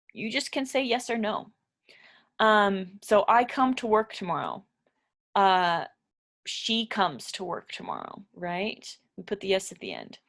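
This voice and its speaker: A woman teaches an English grammar lesson with a patient, step-by-step delivery. She often stops to check that her learners follow and asks them questions. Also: medium pitch.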